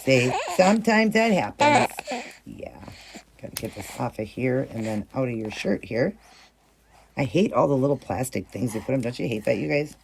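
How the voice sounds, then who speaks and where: A woman's voice: a bass voice, normal speed, gravelly, a little mellow, slight background noise. A middle-aged woman vlogging casually, cooing in baby talk and chatting to viewers. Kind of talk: casual show-and-tell vlog.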